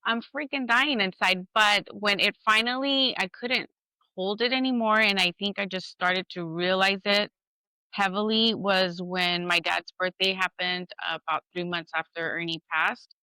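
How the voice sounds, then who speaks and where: A woman co-hosts a podcast in casual chat, with a bright, forward voice. She tells her story earnestly and candidly, acting out what others said, with a dry, close sound. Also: medium pitch, fairly even intonation, unhurried, clear, resonant tone, dry recording, poor audio. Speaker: podcast co-host.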